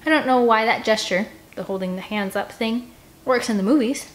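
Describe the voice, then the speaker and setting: A woman reading a children's novel aloud in first person, gentle and expressive. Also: a little high, a little fast. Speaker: audiobook reader. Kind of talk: first-person storybook narration.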